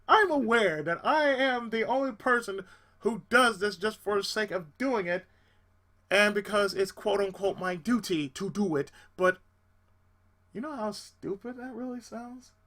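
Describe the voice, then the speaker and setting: A high-pitched man hosts his channel, turning a personal story into a casual rant. He sounds animated and exasperated, and he curses freely.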